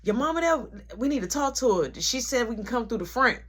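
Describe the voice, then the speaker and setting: A woman's voice: a little high, animated, brisk, slightly rough, voice pushed up. A woman voicing two pushy young men who insist on getting in.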